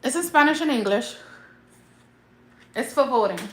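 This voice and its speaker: A woman's voice: high voice, lively intonation, normal speed, a bit bright, a little hiss or hum, rough recording. Heated Puerto Rican woman ranting on a livestream. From Puerto Rico. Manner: heated, emphatic, switching between English and Spanish. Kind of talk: casual livestream rant.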